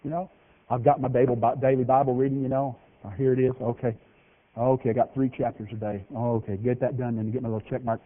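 Folksy preacher on tinny radio. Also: male voice, fast. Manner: folksy, joking preacher with lively swings in pitch. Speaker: pastor. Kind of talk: sermon. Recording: tinny phone-like radio broadcast of a hall.

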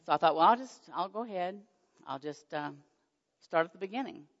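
Expressive and brisk, an older woman originally from Oklahoma, now with a Texan accent, delivers a chatty personal testimony of faith as a church hall guest speaker. She seems nervous and self-deprecating, acting out exchanges with sudden pitch jumps, and the sound is dull and echoey.

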